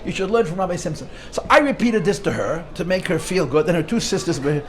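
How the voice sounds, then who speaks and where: Speaking fast in a high voice, a rabbi teaches an informal Torah lesson. His storytelling is animated, full of restarted phrases and scattered Yiddish and Hebrew terms.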